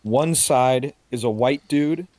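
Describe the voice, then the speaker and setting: A man's voice: medium pitch, slow pace, a little mellow, a little hiss or hum. A man co-hosting a podcast, chatting casually over a call, rambling and swearing freely. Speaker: podcast co-host. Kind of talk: casual chat. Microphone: video call.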